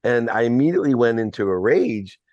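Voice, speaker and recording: A man's voice: medium pitch, expressive, a little fast, a little mellow, no room sound, lo-fi sound. A man, a podcast guest, telling a personal story in an earnest, reflective way.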